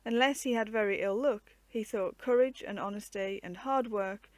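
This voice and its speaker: Storyteller: woman, mid pitch, steady measured reading, dry close sound. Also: no room sound.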